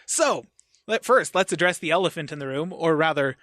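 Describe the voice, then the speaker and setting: Higher-voiced man in dry casual chat. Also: lively intonation, fairly bright tone, no room sound. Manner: chatty, laughs often, quick asides. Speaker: podcast co-host.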